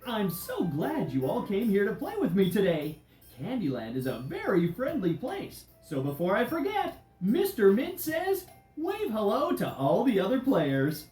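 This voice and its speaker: At a medium pitch with wildly swooping intonation, a woman voices a cheerful, friendly male candy who leads children in follow-the-leader. Her unhurried, mellow delivery is bouncy and playful as she coaxes the kids along. This children's DVD game is recorded with roomy echo and music underneath.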